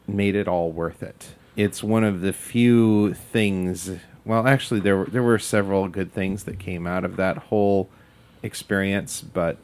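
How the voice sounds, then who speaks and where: Male host, very deep, measured, warm chat. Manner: laughs often, slow and heartfelt. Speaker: podcast host and novelist. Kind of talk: casual chat.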